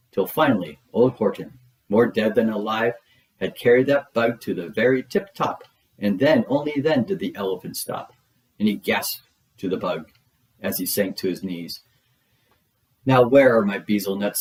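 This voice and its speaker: A man reads a children's rhyming story aloud, leaning into the bounce of each couplet. His voice is on the low side and unhurried in its rhythm. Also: lively intonation, a little mellow, poor audio.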